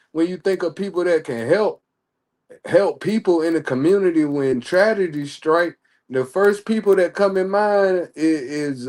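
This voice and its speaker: A man with a fairly high voice rants through casual livestream commentary. He talks in a heated, profane way and keeps dropping "bro" and "man.". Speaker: streamer.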